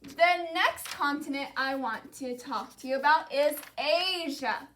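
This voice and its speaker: A woman teacher with a high, bright voice runs a call-and-response lesson. She speaks unhurriedly and says each term clearly so the class can echo it. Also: a little hiss or hum. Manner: says each word slowly and has the class repeat it.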